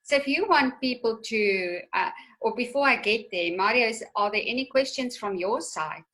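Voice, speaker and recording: A woman hosts a video call interview in an earnest, encouraging manner. Her voice is bright and sits a little high. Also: lively intonation, normal speed, low-quality recording. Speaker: host.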